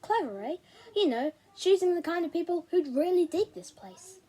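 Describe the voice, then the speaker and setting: A woman's voice: very high-pitched, expressive, normal speed, warm tone, pitched above the performer's own voice. A woman reading aloud, voicing an easygoing adult man who chats casually. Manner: casual, chatty.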